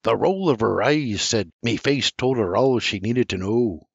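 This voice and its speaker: An older man narrates a first-person audiobook in a folksy, animated storytelling manner. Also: lowish voice, measured pace, creaky, slightly rough, no room sound. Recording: dry, slightly muffled recording.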